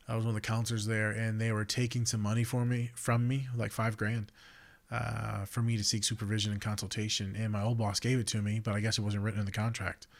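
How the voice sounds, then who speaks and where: Man, 30s, podcast host; swearing, animated casual monologue with sharp swings in volume. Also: on the low side. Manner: blunt, profane and animated, swings between loud outbursts and quiet reflection.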